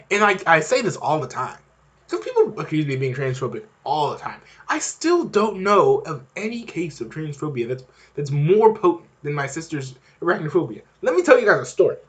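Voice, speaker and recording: A man's voice: a little high, sing-song, moderate pace, fairly bright tone. A young man hosting a podcast, talking in a casual, rambling monologue with many fillers and restarts. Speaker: podcast host.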